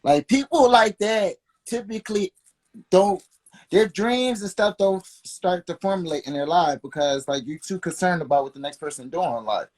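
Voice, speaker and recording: A man's voice: high-pitched, moderate pace, darkish tone. A man in a candid talk-show chat who speaks reflectively, laughs often and strings thoughts together with "like".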